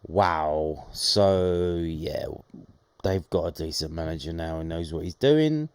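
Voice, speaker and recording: Low-voiced man reading football news. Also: slow pace, clean tone, no echo. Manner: reads news with sarcastic asides. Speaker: podcast host. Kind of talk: casual daily news podcast.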